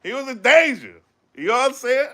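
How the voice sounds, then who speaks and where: A man chatting casually on a live stream, animated and full of fillers, breaking into loud shouts when he gets excited. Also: very high-pitched, fairly quick. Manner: animated, loose, full of fillers like "you know what I'm saying". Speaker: battle rap commentator.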